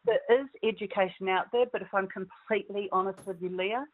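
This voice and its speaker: This dog-safety expert, a woman interviewed as a guest, gives steady explanations in her answers. She has a medium pitch and fairly even intonation and talks a little fast, all heard through a tinny phone connection.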